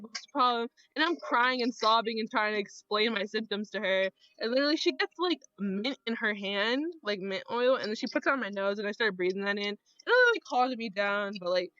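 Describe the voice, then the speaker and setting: A young woman telling a personal story in casual chat, animated and swearing, acting out the voices of the people she quotes. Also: mid-range voice, clear, resonant tone, dry recording, highs cut off.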